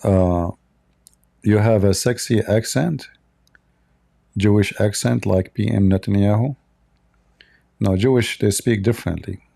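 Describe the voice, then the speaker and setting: A man's voice: fairly low pitch, a little slow, vocal fry, pauses often, warm tone. A man hosting a livestream of political commentary, blunt and opinionated, often restarting his sentences. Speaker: commentary channel host.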